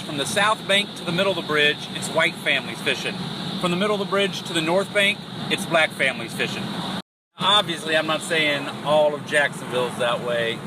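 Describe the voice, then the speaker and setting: Man, travel vlogger, crude jokes, slightly high voice, heavy road noise on a camera mic. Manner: crude, joking, talks straight to viewers. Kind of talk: casual travel vlog. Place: driving a vehicle outdoors.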